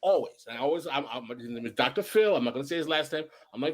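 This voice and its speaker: A man's voice: medium pitch, fast. A middle-aged man hosting a podcast, talking emphatically, telling stories, and repeating his points. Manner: emphatic and animated, repeats himself, tells stories. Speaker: podcast host. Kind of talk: casual podcast chat.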